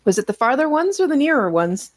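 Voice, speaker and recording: A woman playing a tabletop game, asking quick, pointed questions in character. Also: sits high, very animated, slightly rough, dry recording. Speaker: player. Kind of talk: in-character role-play.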